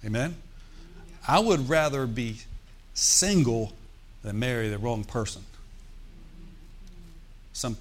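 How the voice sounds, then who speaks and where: Pastor, man, storytelling sermon voice, climbs into emphatic preaching, middle pitch. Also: measured pace, long pauses.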